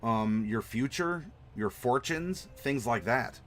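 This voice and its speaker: A man hosting a live map-design stream, chatting to viewers in an animated, playful way. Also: medium pitch, slow. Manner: animated, playful, talks to chat. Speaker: host.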